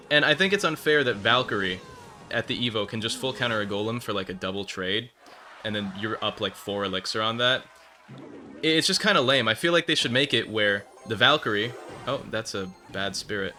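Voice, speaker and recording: A man's voice: fairly low pitch, expressive, a little fast, bright, forceful tone, faint music behind. A young man hosting a mobile game channel, telling a rambling story between plays and swearing at his opponents. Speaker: gaming channel host. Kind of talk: casual gameplay commentary with storytelling.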